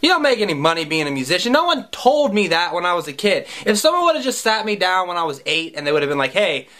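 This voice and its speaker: A man's voice: sits high, very animated, quick pace, sharp tone. A man around thirty, a musician, telling a comic personal story in a wry, profane, self-mocking way. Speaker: musician and vlogger.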